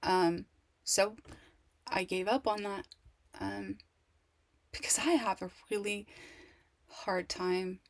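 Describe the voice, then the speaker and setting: A woman talking candidly to camera in a casual personal monologue, rambling and halting, with many restarts and fillers. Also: medium pitch. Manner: candid and emotional. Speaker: vlogger.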